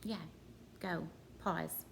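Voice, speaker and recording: A woman in her thirties leads a home grammar lesson, speaking slowly and in a fairly low voice. She is chatty and talks straight to her students. Faint noise hums behind her. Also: fairly even intonation, gravelly. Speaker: teacher.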